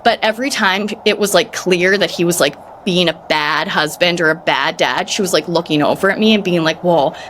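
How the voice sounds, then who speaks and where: A woman in her thirties hosting a podcast, telling stories in a lively, chatty way. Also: on the low side, a little fast, few pauses, slight background noise. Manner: animated storyteller, lively and chatty. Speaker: podcast host. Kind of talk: casual chat.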